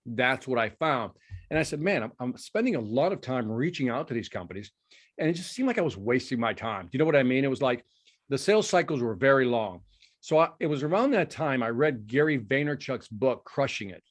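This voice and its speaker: Animated storytelling man. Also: medium pitch, brisk. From Chicago. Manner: animated storytelling, acts out dialogue. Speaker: guest, sales speaker. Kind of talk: storytelling interview.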